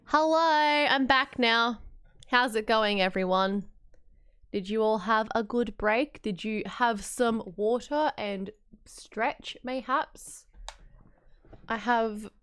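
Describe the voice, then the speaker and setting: A woman's voice: a little high, slow, a bit bright, clear, resonant tone. A woman streaming a game, chatting playfully and teasing her viewers. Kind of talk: casual livestream chat while playing a game. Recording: game music playing underneath.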